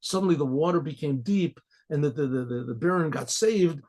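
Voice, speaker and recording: Male rabbi storyteller, slightly high and breathy voice, halting delivery full of repeated words. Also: a little mellow, poor audio. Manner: clears throat often, stumbles and repeats words. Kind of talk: casual oral storytelling.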